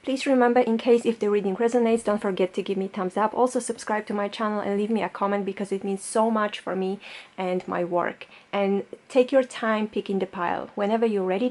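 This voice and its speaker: A woman speaks to her viewers as a tarot reader, pitched in the middle for a woman. She is chatty and loose, and she fills her sentences with little fillers. Her tone is gentle and reassuring as she talks straight to the camera. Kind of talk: pick-a-card tarot reading to camera.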